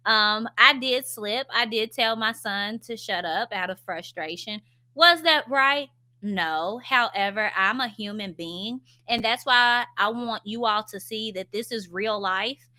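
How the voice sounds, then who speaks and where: Bright-voiced candid mom vlogger. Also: female voice, mid-range voice. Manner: candid and chatty, frequent "um" fillers. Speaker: stay-at-home mom sharing parenting story. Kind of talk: casual vlog monologue.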